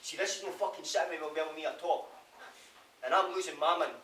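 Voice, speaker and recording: A stage actor in a Scottish accent plays a guilt-ridden male prisoner, swearing constantly through a raw, brooding theatre monologue. His fairly high voice is steady, brisk and sharp. It was recorded live on stage, roomy and from a distance.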